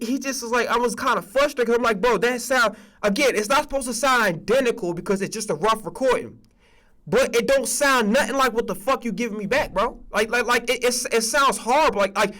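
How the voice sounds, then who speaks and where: A man's voice: sits high, sharp tone. A man telling a story in a profane, frustrated casual rant full of restarts. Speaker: streamer telling a studio story.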